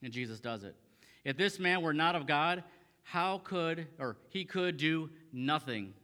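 A man's voice: on the high side, animated, unhurried, bright, forceful tone, long reverb tail. A man preaching a sermon as a pastor, reading scripture aloud and then restating it in plain talk with frequent fillers and repeated phrases. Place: church sanctuary.

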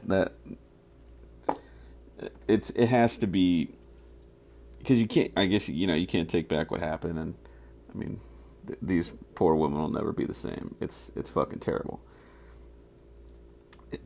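A man's voice: deep voice, creaky, darkish tone. A man hosting a solo podcast, ranting casually with heavy profanity and rambling asides. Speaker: podcast host.

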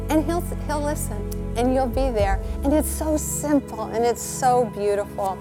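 A woman preaching a sermon in an earnest, gentle, pleading way. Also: a little high, a little slow. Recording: faint music behind.

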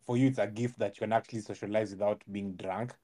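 A man hosting a podcast, reflecting in a relaxed, conversational way and affirming his guest often. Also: lowish voice, fast. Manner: relaxed, reflective, frequent agreeing backchannels. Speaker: podcast host. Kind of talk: casual interview chat.

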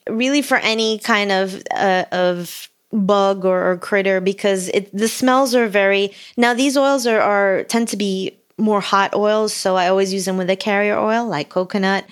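A woman's voice: mid-range voice, steady tone, moderate pace, hardly any pauses, clean tone. Upbeat woman podcast co-host. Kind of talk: casual chat.

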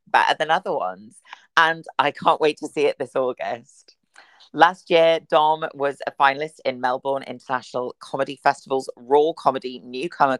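A young man with a husky voice hosts a podcast over a video call. He teases his guest in a camp, playful manner, and the sound is close and dry. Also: medium pitch, fairly bright tone, no room sound, rough recording. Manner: camp, teasing banter. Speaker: podcast host. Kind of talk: casual chat.

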